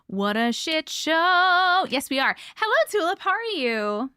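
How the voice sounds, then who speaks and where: A high-pitched woman hosts a casual livestream, her voice bright and animated as she chats with viewers. She talks at an easy, unhurried pace, laughs often and greets people by name, and the sound is dry and close. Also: dry recording. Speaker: livestream host.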